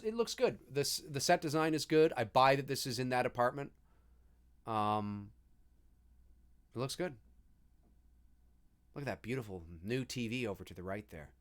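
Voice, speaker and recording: A man hosting a live movie commentary, talking in an animated, enthusiastic and rambling way. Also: mid-range voice. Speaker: host.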